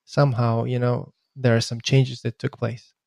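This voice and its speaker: A man from Russia hosting a podcast, speaking in a casual, halting way with stammered restarts. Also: mid-range voice, flat delivery, vocal fry, darkish tone, no echo, clean studio sound. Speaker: podcast host. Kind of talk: casual interview chat.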